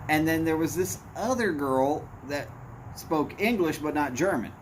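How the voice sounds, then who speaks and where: In this casual rambling stream, the host reads chat and speaks bluntly in meandering asides, and others hear him as angry. His voice is slightly high, expressive and unhurried, with a little background noise.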